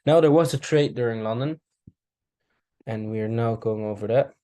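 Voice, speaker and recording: A man casually talking through a chart recap, thinking aloud with relaxed asides. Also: mid-range voice, moderate pace. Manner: relaxed, talks to himself while charting, asides and apologies. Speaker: trading recap host. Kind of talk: casual screen-share commentary.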